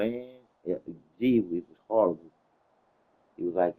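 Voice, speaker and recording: A man's voice: lowish voice, brisk. A man chatting casually, telling stories in a loose, slangy way, with plenty of cursing. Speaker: host. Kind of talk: casual chat. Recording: tinny phone-like sound.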